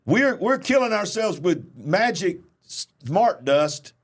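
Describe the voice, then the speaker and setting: Animated preacher hosting the news. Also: male voice, high-pitched, slow. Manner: animated, reads news then comments emphatically. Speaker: host and preacher. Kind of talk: news commentary talk show.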